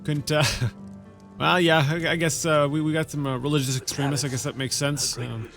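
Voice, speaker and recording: A man hosting a let's play, rambling playfully and stopping to read in-game books aloud. His voice is bright and sits a little high for a man, with faint game music playing behind him. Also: little pitch movement, normal speed, gravelly. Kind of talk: casual gameplay commentary.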